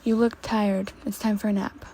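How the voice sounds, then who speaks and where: Woman reader as a caring young husband, teasing and upbeat, husky and mellow. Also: mid-range voice, level tone, moderate pace, close to an everyday voice. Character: young adult man, cheerful caring husband.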